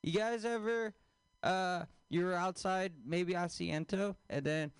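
A man doing a stand-up comedy set, deadpan, with crude punchlines and questions thrown at the audience. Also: high voice, unhurried, clean tone, no echo.

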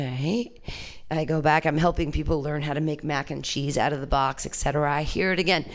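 A California woman does a brash, crude stand-up set at a brisk clip, lurching from shrieked punchlines to low, muttered asides.

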